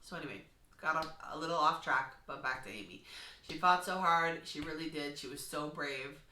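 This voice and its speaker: A woman's voice: low voice, a little fast, sharp tone. A woman giving an emotional, rambling personal tribute, laughing through tears. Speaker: vlogger. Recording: echoey room.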